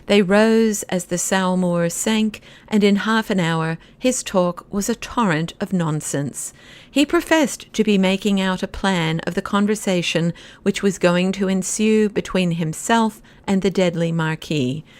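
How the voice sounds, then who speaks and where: A woman narrating a classic novel as an audiobook reader, in a measured, even storytelling manner on a close mic. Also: medium pitch.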